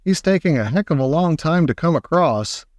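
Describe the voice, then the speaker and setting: A man voicing a blunt, exasperated father in an audiobook, with a sharp delivery. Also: on the high side, lively intonation, moderate pace, dry recording, studio quality, lightly acted. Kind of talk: audiobook character voice.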